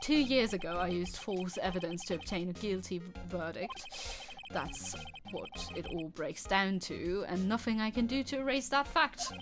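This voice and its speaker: A woman voicing a reserved young male prosecutor in a put-on British accent, reading his lines in a measured, formal way. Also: fairly low pitch, lively intonation, music in the background, voice pushed down, lightly acted. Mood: stiff, formal.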